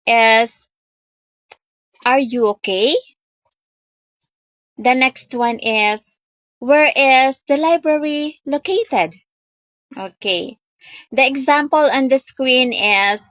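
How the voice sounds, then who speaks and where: Slow Filipino woman teaching grammar. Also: a little high, a bit bright, no echo, highs cut off. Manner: slow and deliberate, starts most phrases with "okay"; switches between English and Tagalog. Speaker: student teacher. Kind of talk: classroom grammar lesson.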